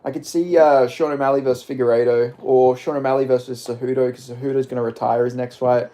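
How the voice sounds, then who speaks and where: A man's voice: mid-range voice, fairly even intonation, fast, warm tone. A man livestreaming and answering chat, mumbly and rambling, with lots of "like", into a phone set down a bit. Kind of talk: casual live stream chat.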